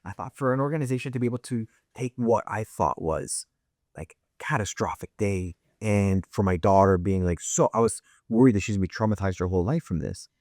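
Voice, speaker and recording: A man's voice: lowish voice, fairly quick, a little mellow, dry recording, studio quality. A middle-aged man hosting an interview, telling a family story with many restarts and acted-out voices. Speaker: host.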